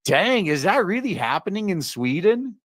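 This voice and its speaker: A man's voice: sits high, big pitch swings, normal speed, fairly bright tone, no room sound, clean studio sound. A man hosting a commentary stream, reading news articles aloud with many fillers and adding sarcastic asides. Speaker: host reading news stories. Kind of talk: casual commentary on read-out articles.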